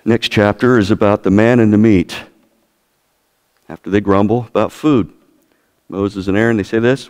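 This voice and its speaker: A man's voice: on the low side, normal speed, long pauses, darkish tone, in a large hall. A man preaching a sermon as pastor, questioning his congregation often. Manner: asks the congregation many questions.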